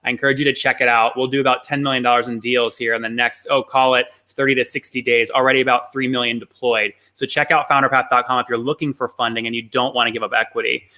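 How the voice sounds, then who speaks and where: A man hosting a live online business show, wrapping up with brisk promotional remarks to viewers. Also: medium pitch, little pitch movement, sharp tone. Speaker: show host.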